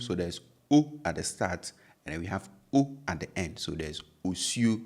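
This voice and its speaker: Ghanaian guy teaching pronunciation, slow and patient, lowish voice, says each sound twice. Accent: Ghanaian English. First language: Twi. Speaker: language teacher. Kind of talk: online lesson.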